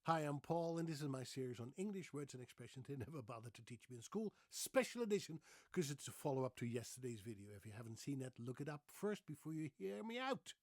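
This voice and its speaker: A man from the Netherlands, explaining English in a lively, playful video lesson. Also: medium pitch, fast talker, no echo. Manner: animated, playful, mocks accents for fun. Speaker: English language teacher on video.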